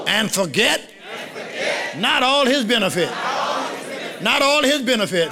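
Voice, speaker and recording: High-pitched shouting preacher man. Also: big pitch swings, measured pace, pauses often, background noise. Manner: shouting, call-and-response preaching. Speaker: pastor. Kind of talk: sermon. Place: church sanctuary with congregation. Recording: live church recording with crowd. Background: congregation responding.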